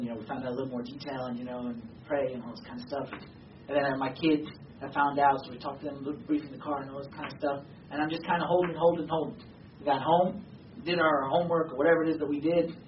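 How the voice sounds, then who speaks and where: A man preaching a sermon, talking casually at first and then urging his listeners with rising passion. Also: a little high. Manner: conversational, emphatic, rising to passionate exhortation. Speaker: pastor. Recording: distant, echoey, dull sound with faint noise.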